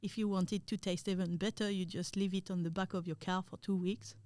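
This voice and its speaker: A woman's voice: fairly low pitch, fairly even intonation, fairly quick, darkish tone, dry recording. A woman from France with a French accent, a tattoo artist guest in casual chat, hesitant and searching for words with many ums.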